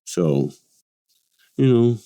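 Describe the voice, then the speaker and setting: A man in his late forties, a podcast guest, speaking in a halting, matter-of-fact, self-deprecating way. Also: medium pitch, very animated, dark tone, no room sound. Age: late 40s. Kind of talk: casual podcast chat.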